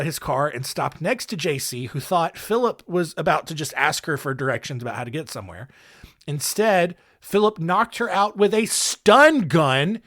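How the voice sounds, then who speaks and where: A man's voice: fairly high pitch, a bit bright, dry recording, studio quality. A man hosting a podcast, telling a true-crime story in a casual way, with sarcastic and irreverent asides. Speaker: podcast host.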